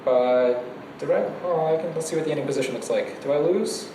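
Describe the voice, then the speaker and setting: A man's voice: on the high side, a little fast. A man giving a casual go lecture in a classroom, chatty and laughing between points. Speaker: go teacher. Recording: echoey room, distant mic, noisy.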